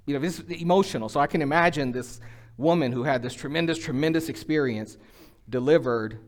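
A man's voice: fairly high pitch, fairly quick. A middle-aged man preaching a sermon in a conversational way, acting out quoted lines with a rising voice. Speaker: pastor.

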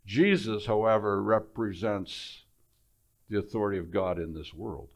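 A male preacher giving a sermon, telling the story in an animated way, repeating words and dropping quiet for emphasis. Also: on the low side, a little slow.

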